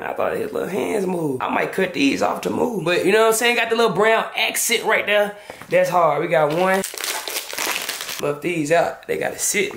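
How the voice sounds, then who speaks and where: A man's voice: high-pitched, fairly bright tone. A young man talking casually to the camera at home, full of laid-back slang and checking in with his viewers. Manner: laid-back slang, lots of "you know what I'm saying". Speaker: vlogger. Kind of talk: casual vlog talk to camera. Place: home, indoors. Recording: echoey room.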